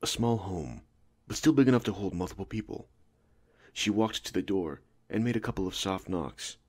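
Brief: male narrator, low voice, steady storytelling. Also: moderate pace. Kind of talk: scripted audiobook narration.

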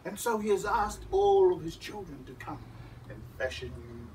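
A man telling a story to schoolchildren, dramatic, shifting from whispers to loud calls. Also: sits high, animated, normal speed. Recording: distant mic with background noise.

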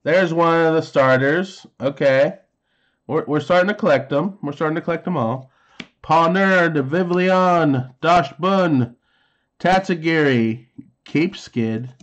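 A man's voice: a little high, lively intonation, slow pace, lo-fi sound. A man in his thirties casually chatting while opening trading card packs, reading card names aloud and making sound effects. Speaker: card unboxing host.

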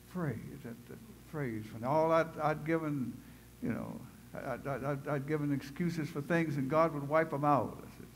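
A man's voice: a little high, normal speed, few pauses, a little hiss or hum, low-quality recording. A man preaching a sermon in a church. He tells his story conversationally and builds to fervent, emphatic preaching. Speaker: pastor. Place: church sanctuary.

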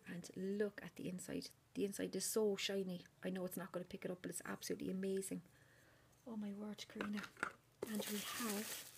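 Gushing woman with a gravelly voice. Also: mid-range voice, slight background noise. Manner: gushing, often drops into a hushed whisper; repeats delighted exclamations. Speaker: crafter unboxing a swap gift. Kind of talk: casual unboxing vlog.

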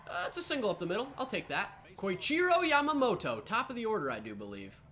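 A woman giving excitable live commentary over a baseball video game, talking to the players on screen. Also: medium pitch, fast. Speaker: gaming channel host.

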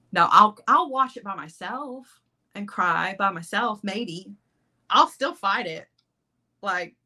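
A woman's voice: mid-range voice, pushed and bright. A middle-aged woman hosting a jewelry-making livestream, chatting casually, reading viewer comments and laughing often.

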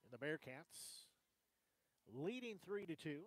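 Slightly high-pitched male softball announcer. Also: sing-song, dry recording, poor audio. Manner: brisk conversational calling. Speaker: play-by-play announcer. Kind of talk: softball play-by-play commentary.

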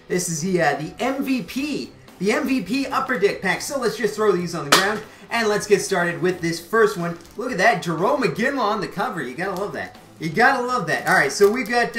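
A woman from Canada, hosting her channel and excitedly commentating a card pack opening, often repeating her exclamations. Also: mid-range voice. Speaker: channel host. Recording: roomy echo, faint music behind.

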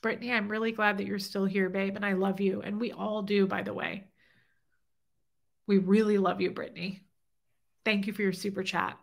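A woman's voice: medium pitch, flat delivery, moderate pace, vocal fry, pauses often. A middle-aged woman hosting a casual livestream, talking openly and emotionally while reading viewer comments. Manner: heartfelt, openly emotional, chatty. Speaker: livestream host.

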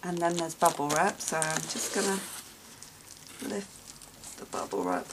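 A woman's voice: on the low side, fairly even intonation, a little slow, vocal fry, background noise. A woman chatting at home while opening gifts, gushing, gasping and exclaiming often. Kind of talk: casual unboxing chat.

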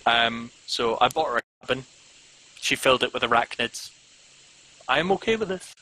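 A man's voice: medium pitch, expressive, normal speed, bright, forceful tone, no room sound, rough recording. A man chatting casually as a guest, rambling with lots of "um"s and self-mocking jokes. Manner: rambling, frequent ums, self-mocking humor. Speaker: podcast guest. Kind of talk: casual video-call chat.

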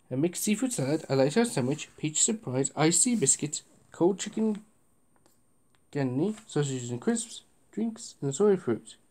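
Children's story narrator, expressive, lively pitch, chatty asides. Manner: expressive, slows for suspense, asides to listener. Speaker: reader. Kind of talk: reading a children's picture book aloud.

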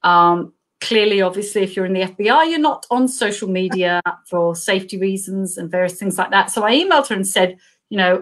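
Animated woman author telling a story. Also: medium pitch, fairly quick. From Australia. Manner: animated storytelling, laughing often; acts out quoted voices. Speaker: crime thriller author. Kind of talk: live video chat interview. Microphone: video call.

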